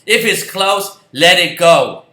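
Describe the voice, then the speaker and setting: A heated, sarcastic man vents as a football fan, swearing and circling back to the same points. His voice sits a little high and sounds bright and sharp. The recording has a roomy echo. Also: animated, takes it slowly. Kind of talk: angry ranting vlog.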